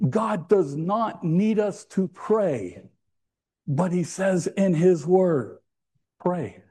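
A man preaching a sermon in a church. His voice sits a little higher than most men's. He keeps it conversational and teases the congregation with little jokes along the way. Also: animated, extremely slow, mellow, slightly rough.

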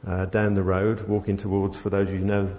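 A man preaching a sermon, telling a family story with many pauses and fillers. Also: low-pitched, completely flat delivery, mellow. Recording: dull sound in a long-reverb hall.

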